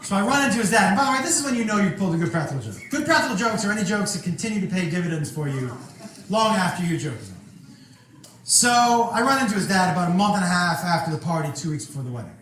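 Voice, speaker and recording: A man performing a stand-up comedy set on stage, telling a loud, animated story and shouting punchlines. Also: sits high, rapid-fire. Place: stage before a live audience. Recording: echoey venue recording from a distance, noisy.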